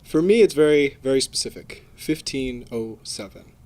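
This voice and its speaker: A young man co-hosting a casual podcast, explaining in a relaxed, easygoing way. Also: mid-range voice, normal speed. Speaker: podcast co-host.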